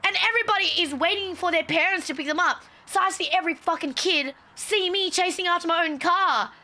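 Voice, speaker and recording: A woman's voice: very high voice, fairly quick, pushed and bright. A young woman streamer telling a story casually on a livestream, swearing freely and acting out the quotes.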